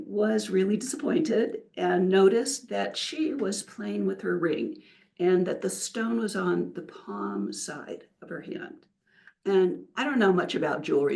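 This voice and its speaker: Older lady guest, gravelly voice, tells stories and acts out what people said. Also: medium pitch, unhurried. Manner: animated storyteller who acts out quotes. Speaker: wealth counselor, podcast guest. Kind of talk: casual interview storytelling.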